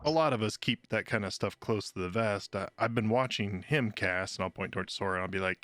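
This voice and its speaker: A man playing a tabletop game, relaxed and joking. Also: fairly low pitch, brisk, few pauses, dry recording. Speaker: player.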